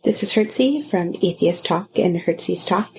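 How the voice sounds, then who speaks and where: A woman's voice: lowish voice, husky, poor audio. A woman podcast host recording an earnest, heartfelt message of praise for a friend. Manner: slow, earnest, thoughtful.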